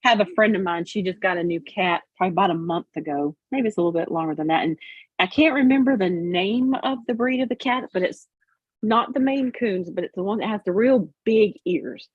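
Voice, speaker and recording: Livestream host, woman, husky tone, dull dry remote sound, encouraging and chatty. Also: mid-range voice, fairly quick, no echo. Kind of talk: casual livestream chat.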